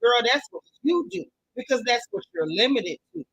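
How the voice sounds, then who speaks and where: A woman hosts a casual gossip commentary show, sassy and blunt. She reads out chat comments and repeats her points for emphasis. Her voice sits a little on the high side. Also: very animated, moderate pace, fairly bright tone, slightly rough, low-quality recording. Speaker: commentary channel host.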